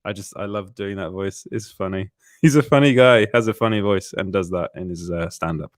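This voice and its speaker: With many "uh"s and regular chuckles, a tired live-show host rambles through casual chat on his stream. His voice sits low and moves at a moderate pace, recorded at studio quality without room sound.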